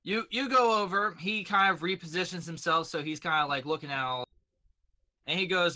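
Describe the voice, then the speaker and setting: A man narrating as game master of a tabletop game, lively and animated, putting on voices for his characters. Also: high voice, normal speed.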